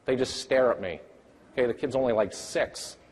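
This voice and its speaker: A man presenting a math teaching workshop, energetically firing quick questions at the audience. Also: mid-range voice, a little hiss or hum. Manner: energetic, rapid-fire quizzing of the audience. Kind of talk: interactive conference workshop talk. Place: large conference hall. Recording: long hall reverb.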